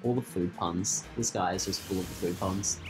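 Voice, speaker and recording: A man's voice: low voice, fairly even intonation, normal speed, over music. A man giving playful, joking commentary while he plays a video game for his channel. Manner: playful, laughs and jokes while playing. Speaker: gaming channel host. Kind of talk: casual let's-play commentary.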